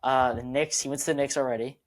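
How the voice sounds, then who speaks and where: A man's voice: medium pitch, fairly even intonation, quick pace. A man co-hosting a casual sports podcast, emotional and rambling, often repeating himself. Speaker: podcast co-host.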